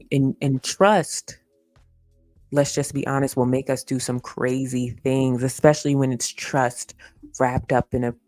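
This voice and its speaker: A woman's voice: very deep voice, a little mellow, dry recording. A woman hosting a casual commentary livestream, earnest and repeating her points with lots of "you know" fillers. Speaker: host. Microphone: streaming setup.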